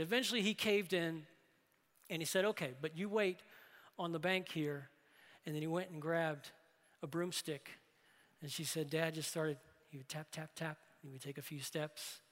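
A man delivers a sermon with a high, bright voice. He tells a story, then builds into fervent calls to come in. Long reverb from a large church hall hangs behind every phrase. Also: fairly quick. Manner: builds to loud impassioned exhortation. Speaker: pastor. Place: church sanctuary.

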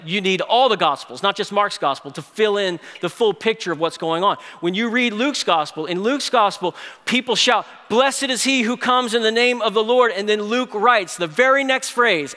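Bright-voiced male preacher in echoey hall. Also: high-pitched, expressive, normal speed. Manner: dynamic preaching, swings from loud emphasis to hushed tones. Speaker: pastor. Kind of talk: sermon.

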